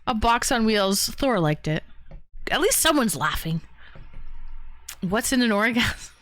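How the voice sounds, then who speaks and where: A woman's voice: a little high, expressive, a little slow, fairly bright tone, dry recording. A woman hosting a casual livestream, chatting with viewers, laughing often and swearing casually. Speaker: livestream host reading chat.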